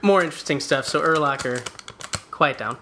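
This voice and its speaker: A man's voice: fairly high pitch, normal speed, pushed and bright, a little hiss or hum. A man co-hosting a casual sports and beer podcast, easygoing with wry commentary. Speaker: podcast co-host.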